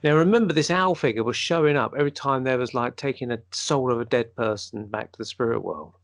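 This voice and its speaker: Gravelly man telling a personal story. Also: mid-range voice, fairly quick. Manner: animated storyteller, acts out quoted speech. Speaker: podcast co-host. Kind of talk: casual storytelling on a podcast.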